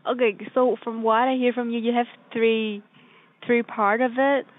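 A woman's voice: a little high, level tone, moderate pace. A woman answering a phone call, polite and helpful but a little hesitant. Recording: tinny phone line.

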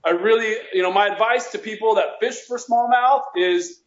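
A man with a fairly high voice tells casual fishing stories, circling back and restarting as he goes. The sound is roomy and a bit dull. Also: moderate pace. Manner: rambling, with many restarts. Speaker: guest angler. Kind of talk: casual storytelling.

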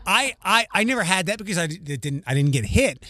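A man's voice: high-pitched, very animated, quick pace, sharp tone. A young man co-hosting a casual chat, telling rambling family stories with restarts and the odd swear word. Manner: rambling, self-interrupting anecdotes with swearing.

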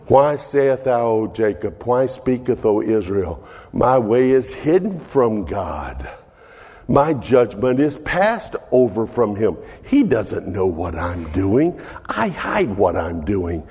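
Slow, husky pastor in an echoing hall. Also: male voice, fairly low pitch, big pitch swings, a little mellow. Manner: slow, earnest, preacherly reading with restarts. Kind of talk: sermon, Bible reading and reflection.

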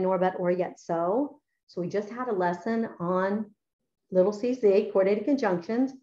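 A middle-aged woman teacher talks through her editing method in a chatty, enthusiastic way, full of ums and asides. Her voice is warm and mellow, sitting at a middling pitch. The recording sounds somewhat dull and lo-fi. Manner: chatty, enthusiastic, many fillers. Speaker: writing teacher.

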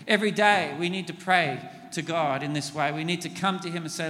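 A man's voice: a little high, brisk, bright, forceful tone, a little hiss or hum. A man preaching a sermon in a church, earnestly leading the congregation through the lines of a prayer. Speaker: pastor. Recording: long hall reverb.

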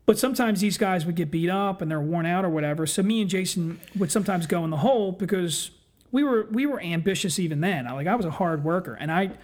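Guest, male, higher-pitched voice than most men, swears constantly, tells stories in quick excited bursts. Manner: profane, excitable storytelling. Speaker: guest telling work stories. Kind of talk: casual podcast chat.

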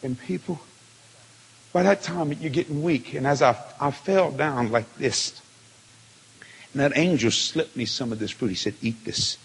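A man preaching a testimony sermon, telling it with feeling and swinging from hushed tones to shouts. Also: mid-range voice, normal speed, slight background noise. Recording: long hall reverb.

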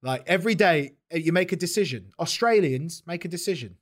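A man co-hosting a casual podcast, playful and quick to laugh, reading passages aloud in a mock-serious tone. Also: a little high, lively intonation. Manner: playful, reads quotes with mock gravity and laughs often. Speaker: podcast co-host.

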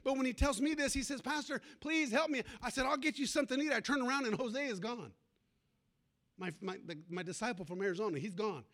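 A middle-aged man pastor preaching a sermon, storytelling with sudden shouts and call-outs to the congregation. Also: very high voice, fast. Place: church.

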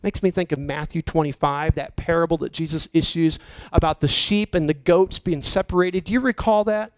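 High-voiced man preaching a slow sermon. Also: steady tone, no echo, rough recording. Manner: slow, emphatic preaching with dramatic drops to near-whisper. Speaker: pastor.

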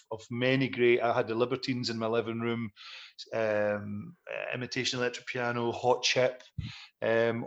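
A middle-aged man telling stories in a casual interview, a musician looking back on his career. He rambles through his anecdotes in a self-deprecating way. His voice sits at an ordinary pitch for a man. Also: muffled recording. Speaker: musician guest.

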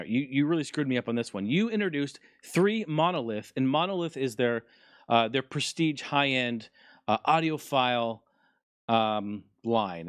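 A man's voice: medium pitch, dry recording, clean studio sound. A man hosting a casual solo podcast, ranting animatedly and swearing often. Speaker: podcast host.

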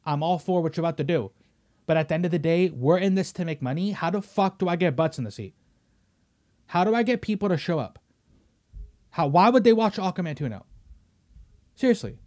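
A young man hosting a casual podcast, ranting heatedly with lots of swearing and loud emphatic bursts. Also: high-pitched. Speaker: podcast host. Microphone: studio microphone.

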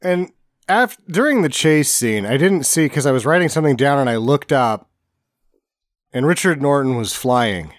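A man's voice: mid-range voice, lively intonation, moderate pace, dry recording. Wisecracking man, dry close sound. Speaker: podcast co-host. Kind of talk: casual movie recap chat.

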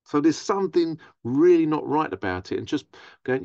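Animated man with a dry, dull sound. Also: on the high side, moderate pace, creaky, no room sound. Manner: animated, mimics others in raised voice. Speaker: therapist and podcast host. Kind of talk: casual monologue.

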